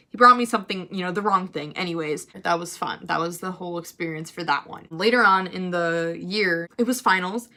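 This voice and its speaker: A teenage girl telling a storytime vlog, chatty and animated, full of "like". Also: fairly low pitch. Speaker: vlogger.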